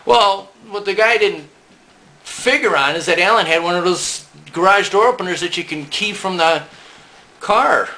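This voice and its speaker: A man's voice: sits high, moderate pace, sharp tone. A man casually telling a rambling, profane anecdote, chuckling now and then. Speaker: storyteller recalling band days.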